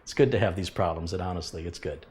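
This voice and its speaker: Middle-aged guy, kinda low voice, casual live stream chat, earnest and emphatic, repeats himself a lot. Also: quick pace, darkish tone. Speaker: livestream host, computer repair technician.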